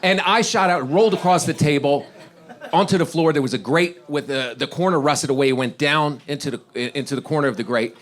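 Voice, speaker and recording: A man's voice: on the high side, brisk, fairly bright tone. A middle-aged man from Washington, D.C., doing stand-up, rambling through stories and laughing at his own lines. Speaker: stand-up comedian. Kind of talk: stand-up set.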